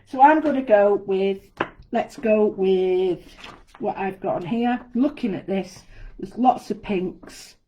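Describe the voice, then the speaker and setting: A woman's voice: medium pitch, slow, highs cut off, slight background noise. A woman giving a chatty, step-by-step live craft demonstration from an indoor studio. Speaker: guest designer demonstrating a craft.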